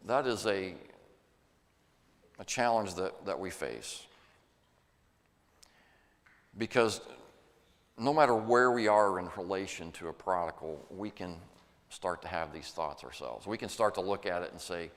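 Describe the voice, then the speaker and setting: Low-voiced guy preaching, earnest and folksy, long church echo. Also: expressive, moderate pace, a bit bright. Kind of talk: sermon. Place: church sanctuary.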